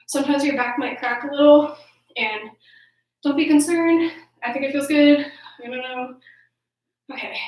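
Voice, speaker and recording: Upbeat woman coach leading a home workout, winded, high-pitched, recorded off-mic in a roomy space. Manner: upbeat, counting reps aloud, encouraging. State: out of breath. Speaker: youth sports coach. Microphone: camera mic at a distance. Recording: echoey room, voice from off-mic.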